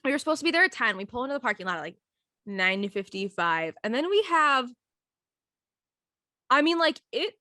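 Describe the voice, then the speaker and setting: Casting note: young woman, bright and animated, swoops all over her range telling a funny story, dry close sound. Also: fairly high pitch, fairly quick, pauses often, no echo. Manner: animated, acts out quoted voices, giggly. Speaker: podcast co-host. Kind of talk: casual storytelling chat.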